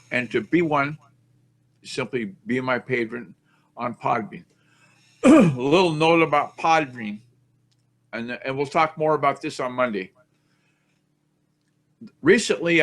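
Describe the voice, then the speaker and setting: A man's voice: medium pitch, fairly bright tone. A man hosting a podcast in a rambling, chatty way, poking fun at himself as he goes. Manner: rambling, chatty, self-mocking. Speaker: podcast host. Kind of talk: casual podcast chat.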